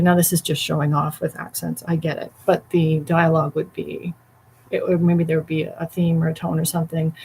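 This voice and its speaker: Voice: medium pitch, flat delivery, normal speed, a little mellow, a little hiss or hum, poor audio. A voiceover artist talking casually to camera, candid and reflective, rambling and self-deprecating.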